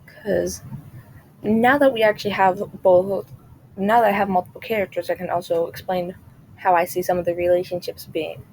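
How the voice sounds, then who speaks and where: A woman's voice: fairly low pitch, fairly even intonation, normal speed, a little mellow, a little hiss or hum, poor audio. A woman vlogger in casual chat, rambling and chatty, often trailing off and restarting her sentences.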